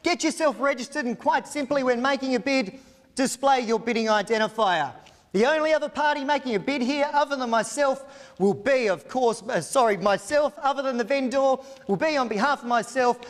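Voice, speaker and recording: Male auctioneer, very high voice, confident formal patter, long hall reverb. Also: a little fast. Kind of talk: auction terms and sales pitch.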